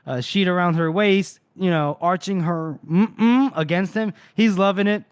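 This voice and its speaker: Male podcast co-host, high voice, close dry mic, swears freely while retelling scenes. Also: a little slow, clear, resonant tone, no echo. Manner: loose and profane, acting out quoted lines. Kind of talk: casual book-discussion chat.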